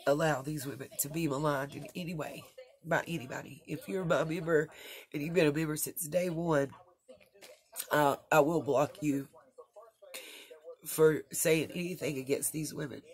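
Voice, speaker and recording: A woman vlogger talking straight to her viewers in an earnest, rambling way, with many fillers and restarts. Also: low-pitched. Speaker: true crime vlogger. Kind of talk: casual commentary to viewers.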